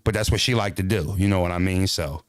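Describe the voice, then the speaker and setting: A man's voice: deep voice, quick pace, no echo, studio quality. A man vlogging in a casual comedic monologue, profane and rambling, laughing often as he jokes.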